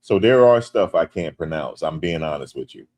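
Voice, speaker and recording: A low-voiced man from the United States talks casually on a livestream. He reads the chat aloud and answers with playful jokes. When viewers tease him, he turns loud and animated. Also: moderate pace. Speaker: livestream host.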